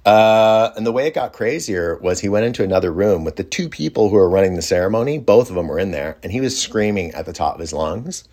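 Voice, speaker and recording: A man with a deep, low-pitched voice tells a story from his own life in a loose, conversational way. He drifts and restarts his sentences and leans on fillers while he reflects. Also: lively intonation, fast talker, few pauses, darkish tone. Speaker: storyteller recounting a personal experience. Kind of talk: casual first-person storytelling.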